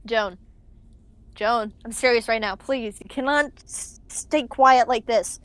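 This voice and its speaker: A woman plays her character in a tabletop game, urgent and pleading with a companion. Her voice sits somewhat high. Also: slow, a bit bright. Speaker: player. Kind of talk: tabletop game role-play.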